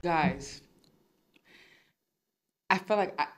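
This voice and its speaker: A woman's voice: low voice, extremely slow. A woman hosting a podcast, talking directly to her listeners in a casual way. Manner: direct, addresses listeners as guys. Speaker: podcast host.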